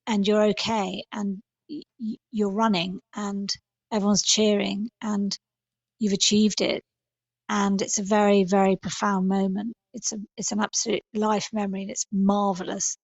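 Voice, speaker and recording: A middle-aged woman speaks as a podcast guest, stopping and restarting often as she thinks aloud. Her voice is gravelly and husky. The recording is dry and a little dull. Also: medium pitch, level tone, no room sound. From England. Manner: thoughtful, halting with many fillers and restarts. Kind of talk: podcast interview.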